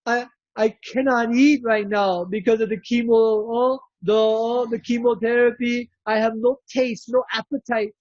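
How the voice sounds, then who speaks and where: A fretful, pleading woman patient, as a male speaker puts her on in a raised, higher voice. Her talk is dry and close on a dull, lo-fi recording. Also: fairly even intonation, measured pace, hardly any pauses, darkish tone, dry recording. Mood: worried.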